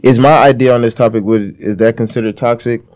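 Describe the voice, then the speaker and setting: A man's voice: medium pitch, steady tone, fairly quick, a little mellow. A man co-hosting a casual podcast chat, blunt and argumentative, swearing casually. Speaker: podcast co-host.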